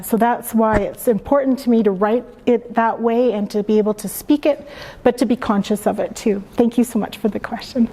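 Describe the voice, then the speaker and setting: A woman from Canada reading her own book aloud in a slow, measured way, then answering questions thoughtfully. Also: fairly high pitch, mellow. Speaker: author. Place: library event room. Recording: long hall reverb.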